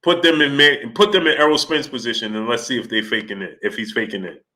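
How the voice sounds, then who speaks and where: Fast-talking and mid-range in pitch, a man runs a live stream chat. He greets viewers and reads out Super Chats while retelling stories with laughter and mimicry of quoted voices.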